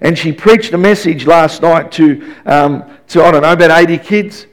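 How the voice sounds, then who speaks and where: A man's voice: a little high, moderate pace. A man in his fifties preaching a sermon in an emphatic, repetitive way, often restarting his sentences.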